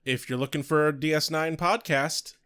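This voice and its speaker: A man's voice: fairly high pitch, steady tone, moderate pace, fairly bright tone, clean tone, no room sound, studio quality. A man co-hosting a podcast, chatting casually with some hesitant restarts. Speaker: podcast co-host. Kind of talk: casual chat.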